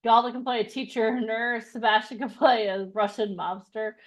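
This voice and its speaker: A woman's voice: fairly high pitch, fairly even intonation, normal speed. A woman hosting a live virtual event, upbeat and chatty, leading the audience in an energy exercise. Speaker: event host.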